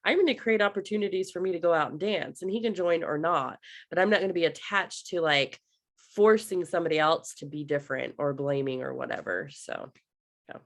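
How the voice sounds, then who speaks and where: A woman's voice: low voice, fairly quick. A woman leading a casual book discussion on a video call, chatty and enthusiastic with frequent fillers. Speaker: discussion group leader.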